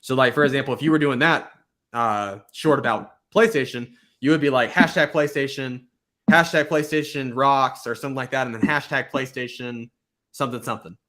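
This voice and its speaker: A man's voice: medium pitch, fairly quick. Rambling man giving casual channel tips. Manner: rambling, filler-heavy, animated. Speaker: YouTube host giving channel advice. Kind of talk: casual chat.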